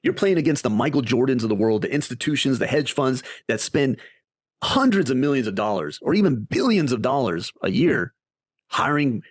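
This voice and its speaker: Animated man with a dry close sound. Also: medium pitch, normal speed, no echo. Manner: animated and conversational, with many tag questions. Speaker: crypto investing video host. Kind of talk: casual screen-share explainer.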